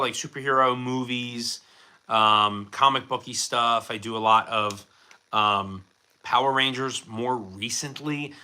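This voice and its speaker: A man's voice: medium pitch, sharp tone. A man hosting a casual livestream, answering viewer chat in a rambling, jokey way with lots of fillers. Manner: rambling and chatty with many fillers; self-deprecating and jokey. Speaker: livestream host.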